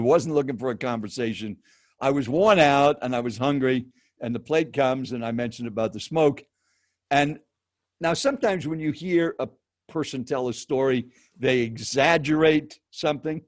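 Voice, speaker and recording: A man in his seventies, a professional speaker and guest, telling a story with dramatic pauses and speaking directly to the host. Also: mid-range voice, no room sound, studio quality. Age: 70s. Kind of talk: animated storytelling.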